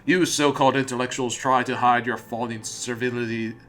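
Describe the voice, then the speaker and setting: A man's voice: medium pitch, steady tone, a little fast, a bit bright, faint music behind, close to an everyday voice. A man voicing a cheerful, zealous male communist alien troll in a put-on Russian accent, preachy and rousing. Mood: indignant. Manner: rousing, preachy, addresses listener as comrade.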